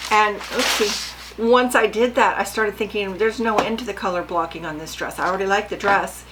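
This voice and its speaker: A woman's voice: medium pitch, fairly quick, heavy background noise. An older woman vlogging casually about her sewing, chatty and rambling, often asking her viewers questions.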